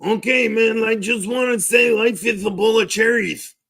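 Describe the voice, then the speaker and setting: Brief: loud, excitable young guy butting in, as a man puts him on, high and sharp, drawling. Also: moderate pace, gravelly, full character voice. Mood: goofy.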